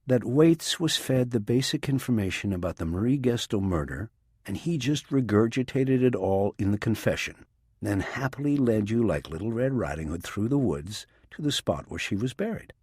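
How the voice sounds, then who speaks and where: A man's voice: fairly low pitch, lively intonation, moderate pace, a little mellow, slightly rough, no room sound, studio quality. A man voicing a skeptical female federal agent in an audiobook, pushing back with doubting questions. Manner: doubting, pushes back hard.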